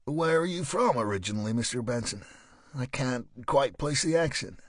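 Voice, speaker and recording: A man's voice: medium pitch, lively intonation, moderate pace, no room sound, studio quality, close to an everyday voice. A man doing a needling police sergeant. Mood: probing. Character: blunt probing male police sergeant.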